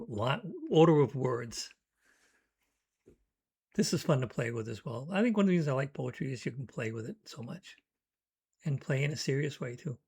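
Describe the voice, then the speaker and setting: A man's voice: mid-range voice, vocal fry, a little mellow, slightly rough. A man explaining how he writes poems in a thoughtful, teaching manner, reading out short word examples. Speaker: poetry teacher. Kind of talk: educational talk.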